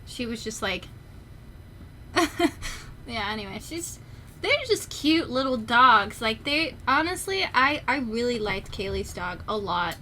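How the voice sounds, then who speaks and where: A young adult woman streamer chatting casually and rambling in an animated way. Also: fairly high pitch, a little slow, a little hiss or hum. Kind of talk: casual chat on a livestream.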